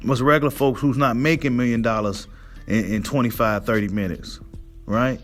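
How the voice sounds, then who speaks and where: With faint music behind him, a boxing commentary host rants through a casual monologue in a mid-range voice that's steady and moderately paced. He gets heated and profane, repeatedly asking his audience "right?"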